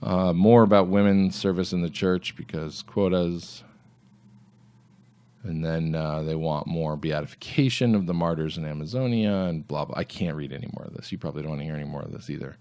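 A man's voice: sits low, fairly quick, a little mellow. A man hosting a solo commentary podcast, reading items aloud and answering them with sarcastic, mocking asides. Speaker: podcast host.

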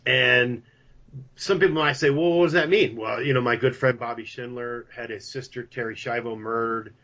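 A man talking as a podcast guest about his coffee company, chatty and a little jokey, with a sales-pitch energy. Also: fairly even intonation, normal speed, a bit bright. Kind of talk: casual interview talk. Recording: dull lo-fi sound.

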